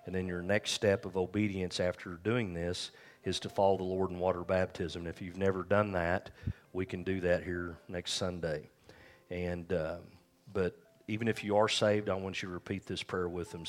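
A man's voice: low-pitched, level tone, normal speed, soft background music. A male pastor preaching a sermon in a conversational way, often checking in with the congregation. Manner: conversational preaching, frequent "all right?" check-ins.

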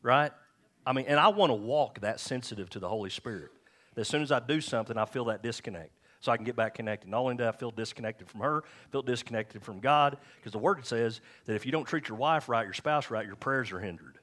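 A middle-aged man preaching a sermon in a church, talking candidly and with self-deprecating humor, and slowing down to read scripture aloud. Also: mid-range voice, a bit bright. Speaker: pastor.

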